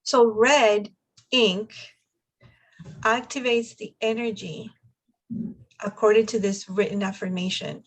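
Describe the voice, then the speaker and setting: A woman life coach teaching an online class from home over a video call. She explains each step patiently and checks that the group is following, in a mid-pitched voice. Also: poor audio. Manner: coaching, encouraging, checks understanding.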